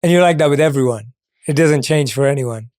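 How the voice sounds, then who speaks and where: A man hosting an interview podcast, asking calm, gently probing questions. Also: medium pitch, fairly quick, no room sound, clean studio sound. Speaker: podcast host.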